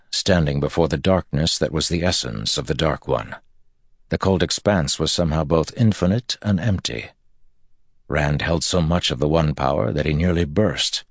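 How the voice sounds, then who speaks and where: A man with an extremely deep voice reads an epic fantasy audiobook in steady, measured phrasing. The recording is close and dry, with no room sound at all. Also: no room sound. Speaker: audiobook narrator. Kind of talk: scripted fantasy narration.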